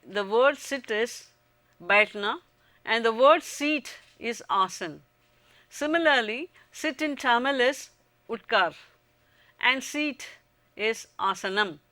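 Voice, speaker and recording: A woman with an Indian English accent reading a scripted lecture on teaching, in an even, formal way. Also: a little high, dry recording. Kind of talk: scripted educational narration.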